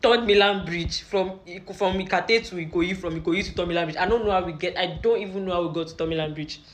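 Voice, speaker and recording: A young Nigerian woman with a Nigerian accent telling a rambling, animated story in casual storytime style. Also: lowish voice, fast talker, low-quality recording. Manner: rambling, animated retelling with repeated phrases.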